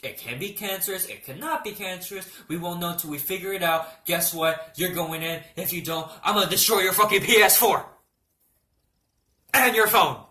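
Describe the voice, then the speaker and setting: A man's voice: high-pitched, fairly quick, hardly any pauses, bright, forceful tone. A man voicing his blunt, bossy middle-aged mother, who swears while laying down the law. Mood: stern. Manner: blunt, matter-of-fact, swearing. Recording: roomy echo.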